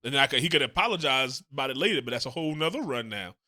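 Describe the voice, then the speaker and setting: Bright-voiced male reaction host. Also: medium pitch, very fast. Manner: animated, swearing, speculative asides. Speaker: YouTube commentary host. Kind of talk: casual reaction commentary.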